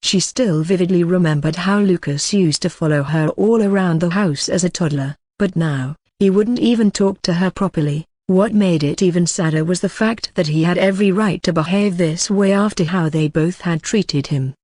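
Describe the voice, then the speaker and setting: A synthetic-sounding storyteller reads a fantasy novel in an even, unhurried way. The pitch sits in a middle range, and the recording is dry and close, with no room sound. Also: dry recording. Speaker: audiobook narrator. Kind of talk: scripted narration of a web novel.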